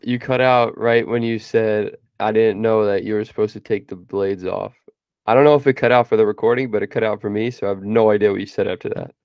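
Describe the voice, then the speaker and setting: A man's voice: on the low side, fairly even intonation, fairly quick, no room sound, highs cut off. Easygoing male podcast co-host. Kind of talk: casual chat.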